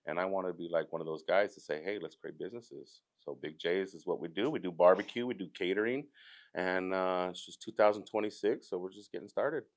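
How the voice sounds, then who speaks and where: A man's voice: low-pitched, brisk. A man, a barbecue business owner chatting as a guest and telling stories. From Southern California. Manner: relaxed, rambling storyteller who acts out others' lines. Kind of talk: casual chat.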